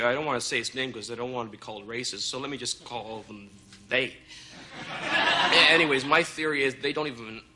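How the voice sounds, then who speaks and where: An actor playing a smug, deadpan, ignorant male tourist doing a stand-up monologue. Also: mid-range voice, slight background noise.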